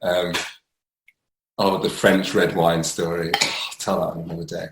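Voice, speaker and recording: A young man with a deep, low voice talks through his own past in a candid, rambling way. He restarts sentences, fills gaps with ums, and laughs at himself. The sound rings around an echoey room. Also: flat delivery, normal speed, a bit bright. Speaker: storyteller sharing his recovery story. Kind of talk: candid personal monologue.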